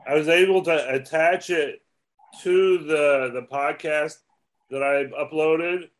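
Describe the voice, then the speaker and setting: A man's voice: fairly high pitch, steady tone, slow pace. A man co-hosting a podcast in casual chat, matter-of-fact and brief in his replies. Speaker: podcast co-host.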